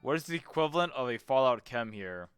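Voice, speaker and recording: A man's voice: mid-range voice, expressive, fairly quick, a bit bright, smooth, dry recording, clean studio sound, faint music behind. A man streaming a game, thinking aloud, swearing casually and reading menu text as he goes. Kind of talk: casual let's-play commentary.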